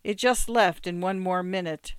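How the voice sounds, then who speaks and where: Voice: mid-range voice, normal speed, smooth, dry recording, lightly acted. A reader voicing a cold, amused, death-like ticket collector with a metallic, curt voice. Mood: curt refusal. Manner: curt, indifferent.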